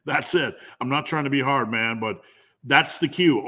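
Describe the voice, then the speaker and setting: Brief: male strength coach, mid-pitched, blunt and profane, emphatic repetition, live Q&A. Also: unhurried, pushed and bright.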